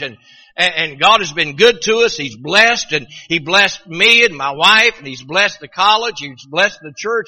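Southern man, middle-aged pastor, high voice, very bright tone, long hall reverb, folksy preaching. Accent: Southern American. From Virginia. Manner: folksy storytelling, repeats words when starting sentences. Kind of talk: sermon.

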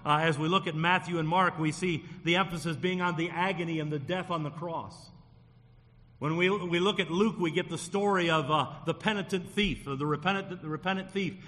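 A man's voice: a little high, fairly even intonation, brisk, a bit bright. A man preaching a Sunday sermon in earnest, often repeating phrases as he builds a point. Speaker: pastor. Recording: long reverb of a large hall.

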